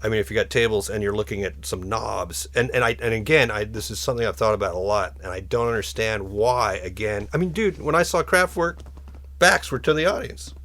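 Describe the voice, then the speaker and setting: A man talking as a podcast guest, rambling through stories with many restarts and getting animated as he goes. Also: lowish voice, brisk, few pauses. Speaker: guest musician and instrument builder. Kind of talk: casual podcast conversation.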